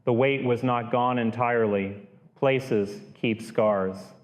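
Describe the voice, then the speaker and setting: A man narrating a scripted story in a measured, solemn way. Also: medium pitch, steady tone.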